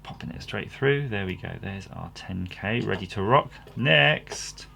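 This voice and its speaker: A man's voice: low voice, lively intonation, moderate pace, gravelly, a bit bright, a little hiss or hum. A man hosting his own channel, assembling an electronics kit while chatting casually and poking fun at himself. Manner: rambling and self-deprecating. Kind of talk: casual workbench commentary.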